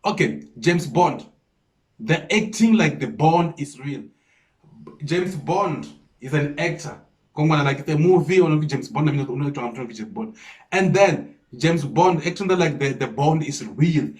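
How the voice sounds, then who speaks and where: A South African man reacting to a freestyle, explaining the lyrics line by line and repeating himself with excited disbelief. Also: on the high side, moderate pace. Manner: repeats 'come on, man' with disbelief. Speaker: music reaction host. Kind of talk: casual reaction commentary.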